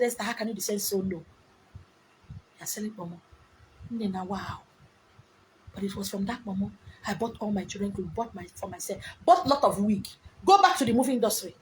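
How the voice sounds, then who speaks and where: A woman's voice: medium pitch, normal speed, pauses often, a little mellow. Nigerian woman, middle-aged, emotional rambling talk, phone live stream, faint background noise. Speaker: live video host. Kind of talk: casual motivational live stream.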